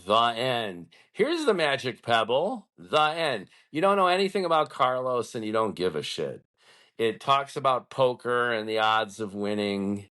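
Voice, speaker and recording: A man's voice: lowish voice, fairly bright tone. A man, hosting a podcast and telling a story in a blunt, profane, ranting way. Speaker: podcast host.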